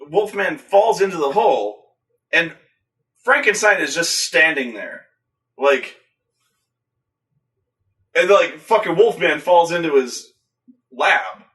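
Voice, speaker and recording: An excitable man recapping a movie in casual chat, his bright voice swinging widely in pitch. He stumbles over restarts, swears freely and acts scenes out. He sits some distance from the mic. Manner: excitable, acts out scenes with loud grunts and shouts; profane, stammering restarts.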